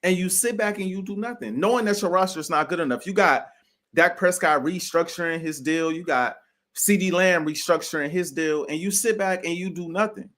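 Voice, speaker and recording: Animated slangy man talking sports. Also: high-pitched, fairly quick. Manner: animated, slangy, keeps saying bro; opinionated and emphatic. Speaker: sports podcast co-host. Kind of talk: casual sports talk.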